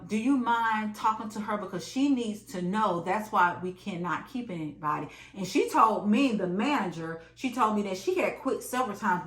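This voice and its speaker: A woman in her late thirties telling an emphatic, animated story about her job in a vlog. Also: mid-range voice. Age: late 30s. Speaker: vlogger. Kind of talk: storytime monologue. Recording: echoey room.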